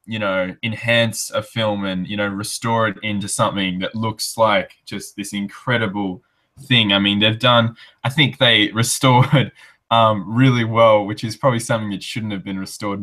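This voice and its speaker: A chatty, enthusiastic male podcast guest. His voice sits fairly low, with a bright, forceful edge to it. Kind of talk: casual chat.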